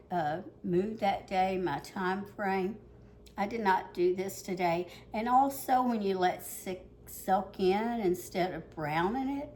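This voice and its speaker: A woman's voice: mid-range voice, darkish tone, a little hiss or hum. An older woman from the Ozarks, rambling through a casual cooking demonstration in her home kitchen while out of breath. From Ozarks, Missouri. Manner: rambling, chatty, many fillers.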